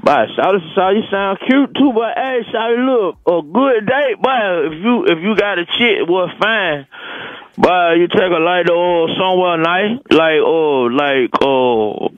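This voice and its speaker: A man's voice: high voice, animated, a little slow, no echo, narrow, tinny audio. An actor playing a slick male street hustler calling in to a radio comedy show, rambling in slang and calling everyone "shawty" and "boy.". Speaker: radio show regular on the phone.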